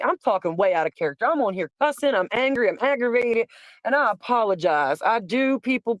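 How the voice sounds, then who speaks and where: A woman's voice: on the high side, a bit bright, no echo. Woman co-host, blunt and emphatic, cusses, dry close sound. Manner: emphatic, blunt, swears freely. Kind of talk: livestream casual chat.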